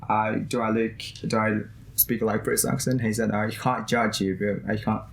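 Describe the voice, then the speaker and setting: A young Indonesian student, a man, chatting eagerly in halting English with an Indonesian accent as a guest in a campus interview. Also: fairly low pitch, little pitch movement, gravelly, reverberant. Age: young adult. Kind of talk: casual interview chat.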